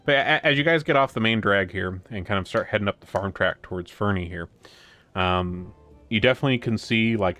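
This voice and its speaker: A man narrating a tabletop game as game master, rambling with many pauses and restarts. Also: on the low side, a bit bright.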